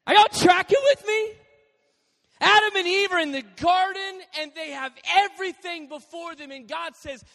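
A man with a high voice preaches with animated, joking energy, telling stories as he goes. His words ring out through a long hall reverb in a church sanctuary. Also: moderate pace. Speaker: pastor. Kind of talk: sermon.

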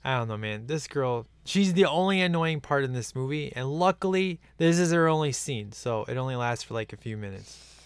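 A man's voice: medium pitch, animated, normal speed, clean tone, dry recording. A man in casual, rambling chat as he watches a film at home, laughing often. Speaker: movie commentary viewer.

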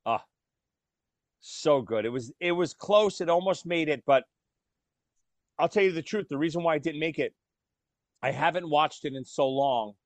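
A man co-hosting a podcast, talking about movies in a casual, animated storytelling way. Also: fairly high pitch, moderate pace, pauses often, dry recording. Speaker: podcast co-host.

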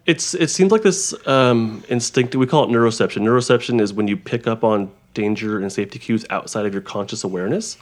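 A man who works as a therapist, explaining ideas in a halting conversational way, with frequent restarts and examples. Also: lowish voice. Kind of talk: conversational interview.

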